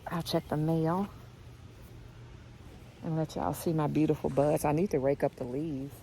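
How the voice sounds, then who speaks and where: A woman, vlogging casually outdoors in her yard and chatting to her viewers, often dropping to a soft hush. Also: low voice, fairly even intonation, measured pace, gravelly, a little hiss or hum, low-quality recording. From United States. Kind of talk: casual chat to camera.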